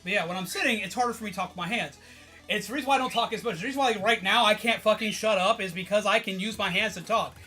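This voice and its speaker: A high, bright male voice chatting away to his stream audience. He is excitable and a bit tired, swears freely and breaks into laughs as he rambles. Faint music hums behind him. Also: fast talker. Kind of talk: casual chat to viewers.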